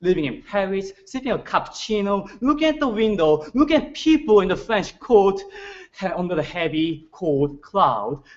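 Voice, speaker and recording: Teen guy doing slam poetry, high voice swinging all over, slow and careful, muffled recording. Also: lively intonation. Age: teens. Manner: playful, deliberate recitation. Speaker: student poet.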